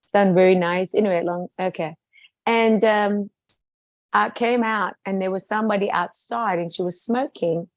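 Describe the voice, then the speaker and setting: A South African woman telling stories with a lively, chatty manner and acting out the people she quotes. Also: mid-range voice, normal speed, dry recording, rough recording. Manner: lively storyteller, quotes people in different voices. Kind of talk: casual chat.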